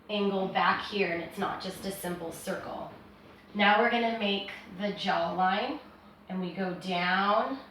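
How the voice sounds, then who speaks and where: A woman teaches drawing step by step, easygoing and reassuring as she works and talks herself through it. Her voice sits at an ordinary middle pitch. It comes from some way off the mic and rings around a very echoey, hard-walled room. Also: distant mic, slight background noise. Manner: relaxed, reassuring, thinking aloud while drawing. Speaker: art teacher.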